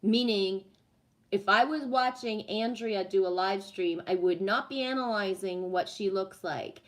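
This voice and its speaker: A woman's voice: medium pitch, measured pace. Chatty, laughing woman live streamer. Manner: chatty, laughs at herself, swears freely. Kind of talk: casual live-stream chat.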